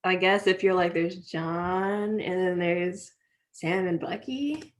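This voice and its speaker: A woman's voice: fairly low pitch, slow. A young woman co-hosting a podcast, chatting casually and making offhand jokes in slang. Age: young adult. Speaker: podcast co-host. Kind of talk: casual chat.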